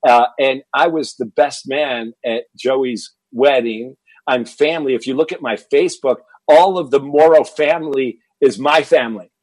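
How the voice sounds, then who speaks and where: A middle-aged man from Texas, a guest in an interview, telling stories in an animated way and acting out what people said. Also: medium pitch, moderate pace, no room sound, rough recording. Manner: animated storyteller acting out quoted dialogue. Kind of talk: storytelling interview.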